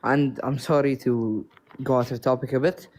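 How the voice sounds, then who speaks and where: A man's voice: mid-range voice, steady tone, moderate pace, darkish tone, slight background noise. Young man raised in Oman, Gulf Arabic accent, earnest and hesitant, apologizes often, casual debate caller. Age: young adult.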